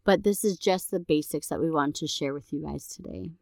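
Woman, middle-aged, therapist, podcast co-host, conversational, low pitch, dry sound. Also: a little fast, dry recording. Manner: conversational, often adds "right?". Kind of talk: casual explanatory podcast talk.

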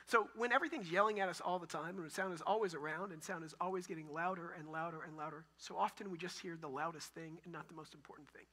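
Male pastor, Texan, lively sermon delivery, bright ringing tone. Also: high-pitched. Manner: animated, shifts from loud emphasis to near-whisper.

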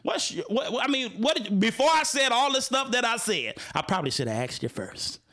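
A man hosting a casual live-stream talk, animated and joking, full of restarts and asides to the audience. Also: very high voice, a little fast. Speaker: show host.

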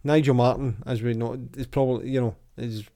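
A podcast host with a mid-range voice, speaking a little fast, leads a casual football chat. He's chatty, reading old quotes and quizzes aloud with lively voices.

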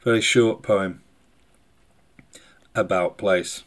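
Slow, thoughtful man. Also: fairly low pitch. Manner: slow, thoughtful, hesitant phrasing. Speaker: podcast host. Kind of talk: reflective spoken meditation. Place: indoors by a window in the rain.

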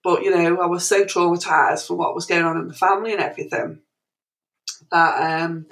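A middle-aged woman, an interview guest, telling a story in an animated way with many restarts and fillers. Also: on the low side, brisk, rough recording.

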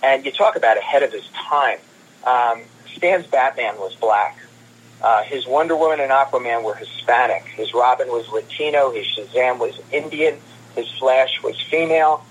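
A man, a guest comics producer, telling animated stories in an interview and repeating words as he goes. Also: medium pitch, normal speed, breathy edge, low-quality recording. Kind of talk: anecdotal interview storytelling.

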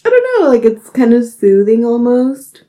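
A woman's voice: a little high, sing-song, normal speed, dark tone. A young woman co-hosting a podcast, trading playful quips and reading a folk tale aloud. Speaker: podcast co-host.

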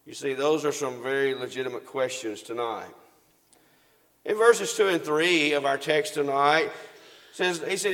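A man's voice: on the high side, expressive, normal speed, creaky, fairly bright tone, long reverb tail. A man preaching a sermon, reading scripture aloud and asking the congregation questions that he answers himself.

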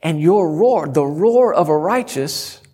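Emphatic high-voiced male preacher. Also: animated, slow pace, dark tone, husky. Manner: bold, emphatic, humorous preaching. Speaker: guest preacher. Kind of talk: sermon.

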